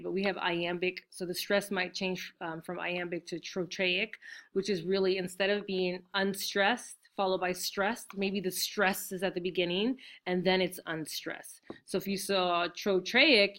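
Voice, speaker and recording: A woman with a fairly low voice talks through a classroom lesson. She explains patiently and often checks in with a quick "right?". Her delivery is loose and unscripted, with small fillers and restarts. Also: a bit bright. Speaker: teacher.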